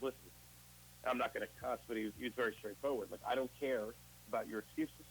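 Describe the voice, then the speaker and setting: A man's voice: mid-range voice, fairly even intonation, fast, vocal fry, a bit bright, a little hiss or hum, rough recording. A man as an interview guest, telling his recovery story in a candid, conversational way and acting out past conversations as quoted dialogue. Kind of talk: casual personal storytelling.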